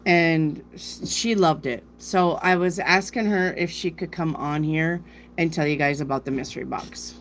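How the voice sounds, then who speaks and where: A woman's voice: deep voice, normal speed, a little hiss or hum. A woman from South Dakota with a northern US accent, a tarot reader chatting on a live stream and reading out viewers' questions. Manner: chatty, rambling, reads viewer questions aloud.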